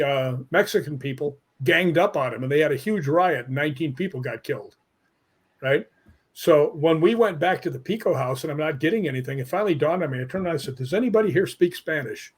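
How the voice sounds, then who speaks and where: A man telling stories as a guest on a live online show, animated and laughing as he goes. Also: a little high. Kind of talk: casual storytelling.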